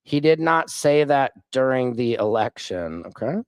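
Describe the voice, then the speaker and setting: A man's voice: mid-range voice, expressive, unhurried, clear, resonant tone, no room sound. A man hosting a live stream, reading chat comments aloud and answering them in a combative, sarcastic way. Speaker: livestream host.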